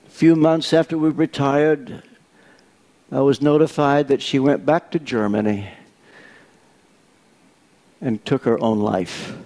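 An older man in his eighties preaching a sermon, deliberate and posing rhetorical questions to his congregation. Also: medium pitch, steady tone, warm tone. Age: 80s.

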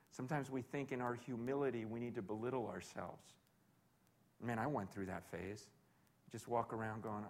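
A man preaching a sermon in a lively, conversational way, with self-deprecating jokes and acted-out quotes. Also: medium pitch, normal speed. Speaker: pastor.

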